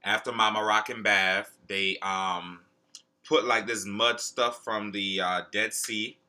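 A man's voice: lowish voice, fairly even intonation, slow pace, sharp tone. A man co-hosting a casual podcast, blunt and teasing in his banter. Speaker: podcast co-host. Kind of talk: casual chat.

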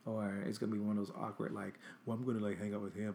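Young guy spilling tea, kinda low voice, swears a lot, faint hiss behind him. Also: flat delivery, quick pace, dark tone. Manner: chatty, blunt and profane, acting out texts. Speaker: host. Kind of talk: casual storytime monologue.

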